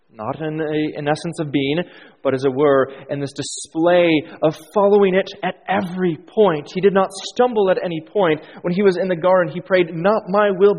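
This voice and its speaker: A man preaching a sermon in an earnest way, dropping to hushed lines and then rising with emphasis. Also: fairly high pitch. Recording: dull sound in a long-reverb hall.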